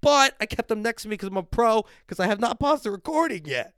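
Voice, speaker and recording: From his home, this podcast host rants profanely on a livestream, drinking on air and reading viewers' comments. His high, slightly bright voice is animated and fast, with a clear, resonant tone. The sound is clean studio quality with no room sound.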